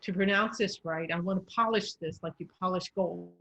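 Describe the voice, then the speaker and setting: A woman's voice: on the low side, moderate pace, gravelly, fairly bright tone, highs cut off. A woman speech coach explaining English pronunciation in an encouraging, patient way. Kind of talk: coaching session.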